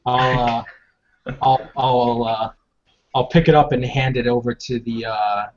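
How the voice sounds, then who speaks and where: A man's voice: medium pitch, fairly even intonation, a little slow. A man playing a tabletop game, speaking in a hesitant, stop-start way with fillers, over a video call. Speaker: player. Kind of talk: casual tabletop game play. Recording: dull lo-fi call audio.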